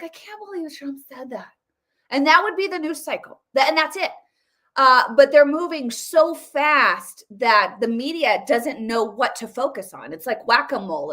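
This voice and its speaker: Excited woman with lots of restarts. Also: sits high. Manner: excited, repeats words and restarts often. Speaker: political commentary host. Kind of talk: casual political commentary.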